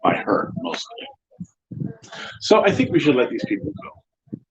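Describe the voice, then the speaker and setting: A husky, slightly breathy middle-aged man spins a joking story while co-hosting a relaxed chat. The sound is dull and lo-fi, like a streamed broadcast. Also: mid-range voice, a little slow. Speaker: co-host. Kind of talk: casual chat.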